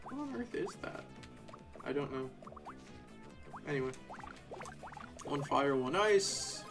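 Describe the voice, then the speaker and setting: A young man casually commenting on a live game playthrough, shifting from quiet narration into animated, sarcastic rants. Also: a little high, slow, music in the background. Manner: ranting, sarcastic, animated asides. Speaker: game streamer.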